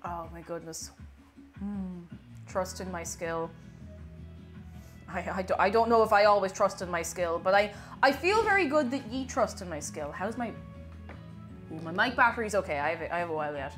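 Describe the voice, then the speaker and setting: A woman, chatting casually on a live stream and reading her chat aloud with animated exclamations. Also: medium pitch, normal speed, long pauses, faint music behind.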